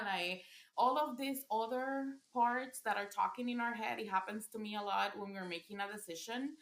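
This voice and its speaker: A woman's voice: fairly high pitch, normal speed, fairly bright tone. Woman parent coach, casual podcast talk, earnest, restarts phrases often, roomy echoey recording. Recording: roomy echo.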